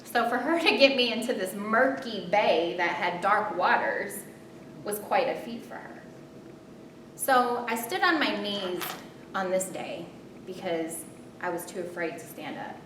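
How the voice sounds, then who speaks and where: A woman recounts a personal story with animated, self-mocking drama and pauses. She sits far from the mic in a reverberant room. A steady low rumble runs underneath. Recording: roomy distant mic with rumble.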